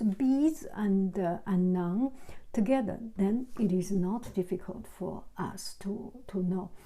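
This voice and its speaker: Slow soft-spoken woman. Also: medium pitch, poor audio. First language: Chinese. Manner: soft, often half-whispered while writing. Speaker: calligraphy teacher. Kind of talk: slow explanatory tutorial. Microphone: camera on tripod.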